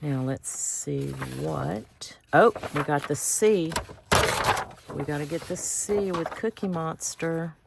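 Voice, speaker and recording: A woman's voice: low voice, slow, gravelly, very noisy. A woman hosting a craft video, chatting casually and thinking aloud as she cuts out pictures.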